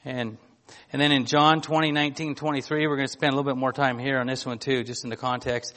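A man preaching a sermon in a conversational, halting way, often restarting and filling gaps, reading scripture aloud. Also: medium pitch, flat delivery, sharp tone.

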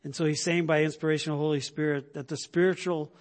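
A male pastor with a fairly high voice delivers a conversational sermon, tossing "right?" to his listeners and restarting his phrases. He swells to loud emphasis on his key points. The sound rings with the long reverb of a church sanctuary. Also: flat delivery, fast talker. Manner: conversational preaching, keeps asking "right?"; repeats words and restarts, then rises to loud emphasis.

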